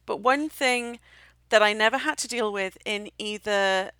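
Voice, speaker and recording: A British woman in easy conversation, her voice bright and forward, recorded close and dry with no room sound. She tells stories with animation and slips into quick voices for the people in them. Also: medium pitch, clear, resonant tone, dry recording. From Britain. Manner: animated storyteller, does voices in quotes. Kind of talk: casual chat.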